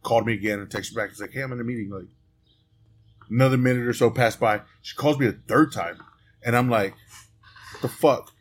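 A man's voice: mid-range voice, quick pace, slight background noise. A man hosting a podcast, in a loose, profane, storytelling chat with friends. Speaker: podcast host. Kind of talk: casual chat.

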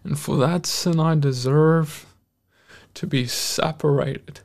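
Slow, gravelly-voiced man preaching earnestly. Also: on the high side, fairly even intonation, darkish tone. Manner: earnest, emotional, pausing often. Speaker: host. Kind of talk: devotional sermon-style talk.

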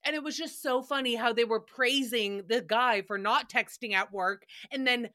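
A woman hosts a solo recap podcast at normal speed, her voice fairly high, bright, and forceful. She's chatty and profane, laughing often and dramatically acting out stories in a loose, unfiltered way.

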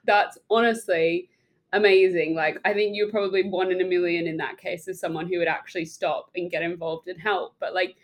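A woman's voice: lowish voice, fairly even intonation, fairly quick. A woman hosting a podcast, reacting with feeling and encouraging her guest in casual chat. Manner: warm, encouraging, reacts emotionally. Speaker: podcast host and mental health first aid trainer.

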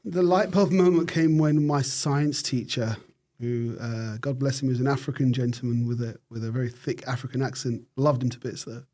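A middle-aged man from the United Kingdom, a neurosurgeon guest telling his story in an interview with thoughtful pauses and frequent restarts. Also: mid-range voice, flat delivery, mellow.

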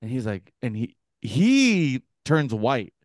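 A young man co-hosting a podcast, telling a story casually and acting out the other people's voices with big jumps in pitch. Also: slow, dry recording, studio quality. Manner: animated, acts out quoted voices with pitch jumps. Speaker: podcast co-host.

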